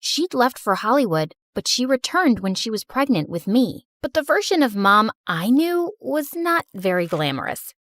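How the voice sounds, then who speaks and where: A woman tells a first-person story in a confessional way, her voice fairly high and very lively in pitch. The recording is dry and close, with no room sound. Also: no room sound. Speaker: narrator.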